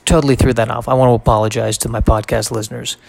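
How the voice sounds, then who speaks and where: Guy doing a solo podcast, gravelly voice, rambly and wry, dry close sound. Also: medium pitch, little pitch movement, fast, darkish tone, no room sound. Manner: rambling, reads aloud and digresses with wry asides. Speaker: podcast host. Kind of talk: solo casual podcast monologue.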